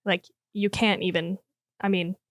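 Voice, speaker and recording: A woman's voice: medium pitch, flat delivery, unhurried, dry recording, studio quality. A woman co-hosting a podcast, reacting frankly and casually to her co-host's picks. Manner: responsive, frank, swears casually. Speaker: podcast co-host. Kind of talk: casual chat.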